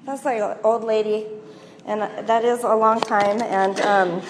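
A woman's voice: mid-range voice, steady tone, moderate pace, background noise. A woman in her forties giving a chatty personal talk to an audience, telling stories with frequent ums. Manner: chatty, storytelling with filler ums. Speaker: speaker at a gathering. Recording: echoey hall with faint ambience.

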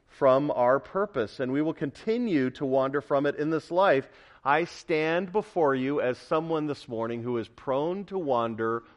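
A man's voice: on the high side, dull audio. Emphatic pastor, a man preaching. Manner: emphatic, building to loud repeated declarations. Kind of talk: sermon.

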